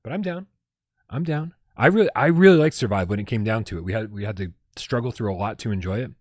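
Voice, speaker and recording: A man co-hosting a casual livestream chat, talking with excitable energy and swearing freely. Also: on the low side, fast talker, no room sound, studio quality. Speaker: podcast co-host.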